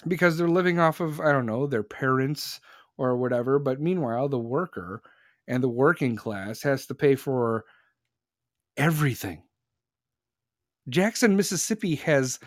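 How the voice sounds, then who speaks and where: A man's voice: medium pitch, no room sound, clean studio sound. A man in his forties hosting a podcast, ranting in a rambling, fired-up way with many restarts. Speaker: podcast host. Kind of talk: casual podcast chat.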